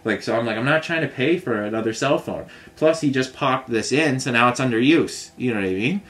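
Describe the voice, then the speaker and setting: A man's voice: medium pitch, fairly quick, a bit bright. A man telling a story to camera in a casual, rambling and frustrated way, full of asides. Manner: rambling, frustrated, many "you know what I mean" asides. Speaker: vlogger.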